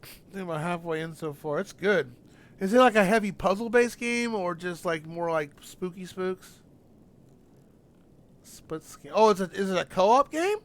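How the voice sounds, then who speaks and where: A young man chats loosely with his viewers while playing through a game. His voice sits high and comes across smooth and clear. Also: lively intonation, normal speed. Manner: chatty, rambling, talks to chat. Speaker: streamer. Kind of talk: casual gaming stream chat.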